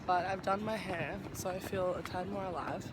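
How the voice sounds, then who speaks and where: A young woman chatting casually to camera in a vlog, giggly and jokey, full of fangirl excitement. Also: fairly low pitch, normal speed, very noisy. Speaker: vlogger.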